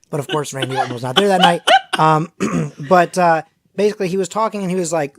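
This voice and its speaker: A man chatting on a podcast, telling rambling, animated stories full of acted-out quotes. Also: a little high, quick pace. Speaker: podcast guest. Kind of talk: casual chat.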